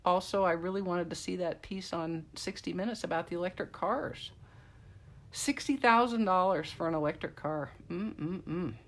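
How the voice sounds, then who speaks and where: A woman's voice: on the low side, moderate pace. Chatty woman demonstrating a craft. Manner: chatty, rambling asides to live viewers. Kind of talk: casual craft tutorial.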